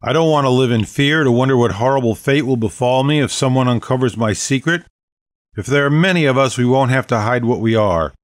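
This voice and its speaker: A man's voice: mid-range voice, a little fast, dry recording, voice pushed up, natural voice. A man voicing a regal, commanding ancient female vampire leader, speaking boldly and stately in an audiobook. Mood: firm. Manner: bold, stately, proclaiming. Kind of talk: audiobook character voice.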